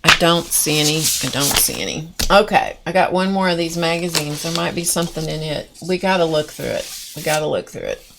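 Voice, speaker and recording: Chatty, giggly woman with a low voice. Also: brisk, vocal fry, noisy background. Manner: chatty and giggly, rambling while working. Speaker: art journaling host. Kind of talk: casual live-stream chat.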